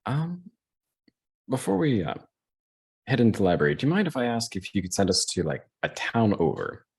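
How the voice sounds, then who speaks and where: A man's voice: fairly low pitch, big pitch swings, a little fast, gravelly, darkish tone, breathy edge. A man playing a tabletop game, asking questions in a hesitant, polite way with many fillers. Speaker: player. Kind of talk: casual game chat.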